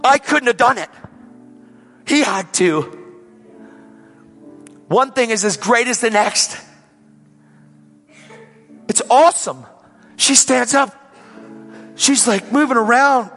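A man preaching, telling a healing testimony as a lively story, acting out the people in it and repeating his praise with emphasis. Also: very high voice, slow pace, pauses often, big-room sound, soft background music. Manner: dramatic retelling that acts out the quoted voices.

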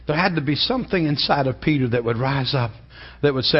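Animated man preaching, high lively voice. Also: brisk, few pauses, slightly rough, lo-fi sound. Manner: animated preaching, rising to loud emphatic peaks. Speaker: pastor. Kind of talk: sermon.

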